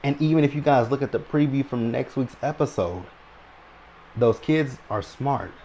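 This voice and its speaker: A man with a fairly low-pitched voice talks through a reality TV episode in a relaxed, chatty way. He is long-winded and keeps tagging "right?" onto his points. A faint hum of room noise sits behind him. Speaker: reality TV recap host. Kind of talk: casual commentary recap.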